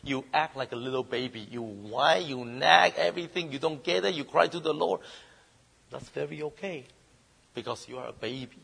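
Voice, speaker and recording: A middle-aged man with preaching a sermon, swinging between loud emphasis and soft asides. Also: moderate pace, creaky, husky. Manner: mimics whining child voices in falsetto. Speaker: pastor.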